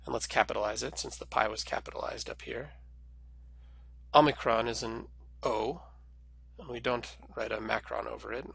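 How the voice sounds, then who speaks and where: A man's voice: mid-range voice, moderate pace, pauses often, a bit bright, dry recording. A man giving a recorded language lesson, explaining pronunciation patiently and step by step. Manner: clear, patient, step-by-step teaching. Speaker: Greek language instructor.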